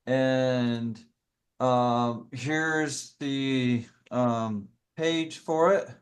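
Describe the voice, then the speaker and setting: A man leading a casual scripture study discussion, explaining in a halting, self-correcting way. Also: medium pitch.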